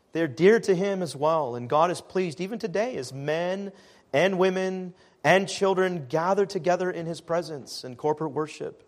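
Emphatic male preacher, fairly high voice. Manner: measured, emphatic preaching with slowed stressed phrases. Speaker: pastor. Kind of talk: sermon.

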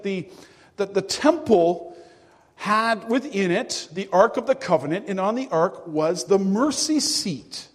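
A male pastor preaching a sermon to his congregation, earnest and emphatic, with hushed drops. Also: sits high, long reverb tail. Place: church.

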